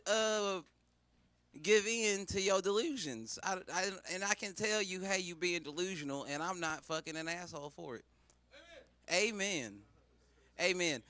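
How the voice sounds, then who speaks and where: A man's voice: high voice, bright, forceful tone. A man doing a profane stand-up riff as a comedian, with preachy mock-sermon call-outs.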